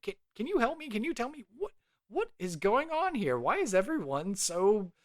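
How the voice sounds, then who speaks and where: A bold young adventurer, stumbling over his words as he calls out for help, put on by a man. His voice leaps up high above his usual tone, bright and anxious, recorded close and dry. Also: big pitch swings, normal speed, no echo. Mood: flustered. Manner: flustered, stammering. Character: eager young male human adventurer.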